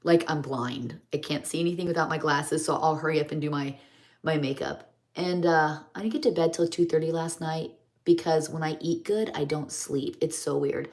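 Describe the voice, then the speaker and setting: A woman's voice: low voice, fairly even intonation, moderate pace, a little mellow. Chatty middle-aged woman, homey. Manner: rambling, homey, chatty storytelling. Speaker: vlogger doing a live stream. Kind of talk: casual chat while doing makeup.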